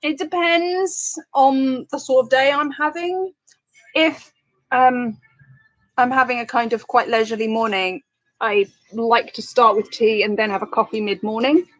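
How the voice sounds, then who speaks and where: A woman from London with an RP English accent, co-hosting a live stream in relaxed, casual chat. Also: on the high side, a little slow, no echo, poor audio.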